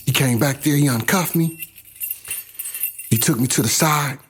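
A man's voice: mid-range voice, a little slow, a little hiss or hum. A middle-aged man from South Los Angeles telling his own life story in a blunt, profane, casual way.

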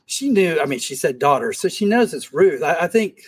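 Husky-voiced man leading Bible study. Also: on the high side, a little fast, dry recording. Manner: animated, acts out scripture scenes in voices. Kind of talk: casual Bible study discussion. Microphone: camera mic.

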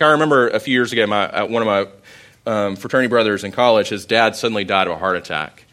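A young adult man preaching a sermon to a congregation in a conversational, storytelling way with animated emphasis. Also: on the low side. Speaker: pastor.

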